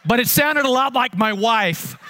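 A man, a pastor, telling a funny story in a sermon with animated, self-mocking comic timing. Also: extremely high pitch, a little hiss or hum.

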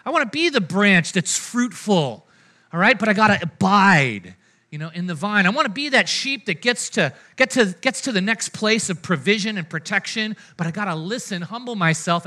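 A bright, piercing tone rides on this man's fairly high voice. He preaches a conversational sermon, tossing quick "right?" asides to the congregation. He moves between loud, animated lines and soft, hushed ones. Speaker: pastor.

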